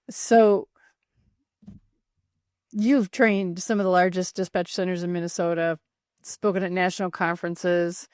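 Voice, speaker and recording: A woman hosting a podcast interview, asking long measured questions. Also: lowish voice, clean tone, no echo, studio quality. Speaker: podcast host.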